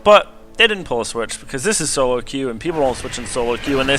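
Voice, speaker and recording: A young man casually commentating a replay of his own match, getting excitable at big plays. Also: mid-range voice, quick pace, few pauses, slight background noise. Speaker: gameplay commentator.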